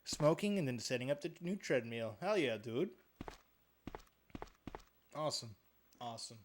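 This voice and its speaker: A man streaming a horror video game live, chatting casually, getting excitable and swearing often. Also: mid-range voice, unhurried, slight background noise. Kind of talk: casual live gameplay commentary.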